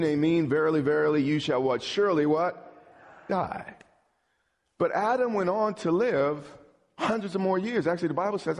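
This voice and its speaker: A man's voice: fairly high pitch, a little mellow. A middle-aged man preaching a sermon as pastor, emphatic, with call-and-response questions to the congregation and stammered repeats. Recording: long reverb of a large hall.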